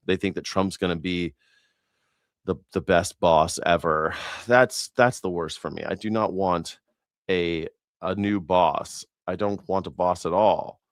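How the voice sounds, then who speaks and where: An American man, an independent news and culture commentator, hosts a casual news reaction talk that is rambling and sarcastic, with profanity and frequent restarts. His voice is low-pitched with a clean tone. The studio sound is clean, with no echo.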